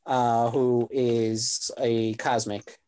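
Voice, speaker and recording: A man co-hosting a casual podcast, laid-back and halting, with many fillers. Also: medium pitch, little pitch movement, mellow, no room sound. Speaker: podcast co-host. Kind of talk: casual chat.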